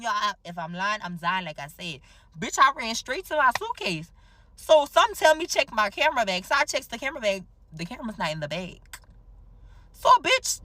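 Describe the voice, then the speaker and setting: An animated woman tells a story to her viewers in a casual, talkative way. Her voice is bright and clear, sitting in a mid range for a woman, and she swears often while she speaks. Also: medium pitch. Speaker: storytime vlogger.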